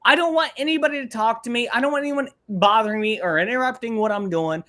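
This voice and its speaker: A man from Ohio co-hosting a casual livestream, ranting with crude language and lively swings in pitch. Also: quick pace. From Ohio, USA. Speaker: podcast co-host.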